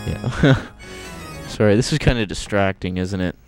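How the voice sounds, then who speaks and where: Man hosting a homemade computer demo; low, offhand and rambling, recorded on an old home video with loud music playing behind him. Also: unhurried. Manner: offhand, rambling, trailing asides. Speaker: home video presenter demonstrating computer audio. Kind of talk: casual demo commentary.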